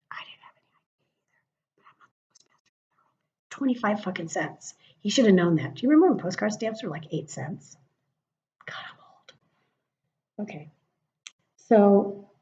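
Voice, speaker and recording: A woman's voice: fairly low pitch, warm tone. Profane, chatty middle-aged woman ranting. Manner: profane and chatty, with muttered asides. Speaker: vlogger. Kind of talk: casual political rant. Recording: dull lo-fi sound.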